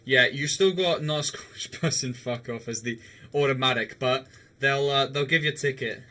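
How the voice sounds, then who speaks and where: A man's voice: mid-range voice, moderate pace, bright, forceful tone, a little hiss or hum. A young man chatting casually with viewers on a live game stream, laughing often and swearing now and then.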